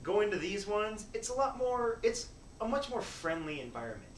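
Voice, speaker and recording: Animated man, echoey room. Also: high-pitched, normal speed, far from the mic, slight background noise. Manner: animated, laughs often, lists favorites. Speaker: guest. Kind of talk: casual chat.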